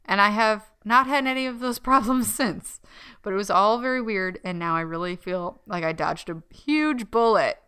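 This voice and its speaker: A woman's voice: medium pitch, normal speed, sharp tone, clear, resonant tone. A woman co-hosting a podcast in casual chat, laid-back and giggly, full of filler words as she reads out a listener's story. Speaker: podcast co-host.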